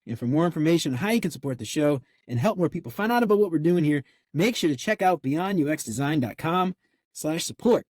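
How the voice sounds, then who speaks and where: A man's voice: fairly high pitch, animated, fast, darkish tone, no echo, studio quality. A man hosting his podcast in a casual, enthusiastic, gushing way. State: out of breath. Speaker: podcast host.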